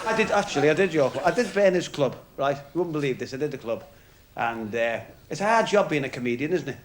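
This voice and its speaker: A man's voice: on the high side, lively intonation, fast talker. A male stand-up comedian telling jokes in a chatty way, full of "you know" asides. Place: club stage before a laughing audience. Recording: crowd noise, noisy 1970s TV recording.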